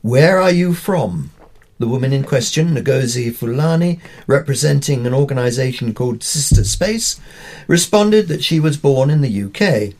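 An older man from Pakistan reads his opinion column aloud in a wry, dryly humorous way. His voice sits at an ordinary middle pitch. He tells his stories with a light, ironic touch. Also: animated, moderate pace, darkish tone.

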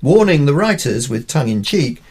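A man's voice: mid-range voice, big pitch swings, moderate pace, breathy edge. An older man from Pakistan reading his own opinion column aloud, with wry, dry humour. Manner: wry, dryly humorous storytelling.

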